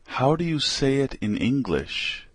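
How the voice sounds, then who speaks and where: A man reading common English phrases one by one for learners, slowly and with careful enunciation. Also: medium pitch, big pitch swings, slightly rough, no room sound.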